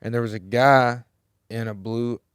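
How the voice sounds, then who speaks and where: A man, co-hosting a podcast, chatting in a relaxed way and adding his own story. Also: medium pitch, a little slow, clean tone, no room sound, clean studio sound. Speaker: podcast co-host. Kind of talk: casual chat.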